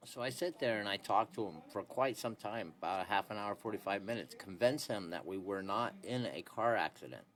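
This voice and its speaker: A man's voice: on the low side, animated, a little fast, hardly any pauses, fairly bright tone. A young man casually telling a long story into a phone, laid-back and rambling, full of "anyways" and "this and that". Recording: phone recording with faint background hiss.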